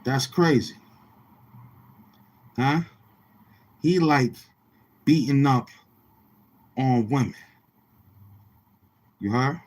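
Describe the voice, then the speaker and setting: A man's voice: mid-range voice, very slow, long pauses, a little mellow. A man giving rambling, taunting street-talk commentary on his channel, repeating himself in heavy slang. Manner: repetitive, taunting, slangy delivery. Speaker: commentary vlogger.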